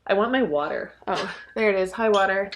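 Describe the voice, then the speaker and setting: A woman's voice: medium pitch, brisk, a little hiss or hum. A young woman giving a casual tarot card reading, rambling and chatty, swearing now and then and filling her talk with "like". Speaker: tarot reader.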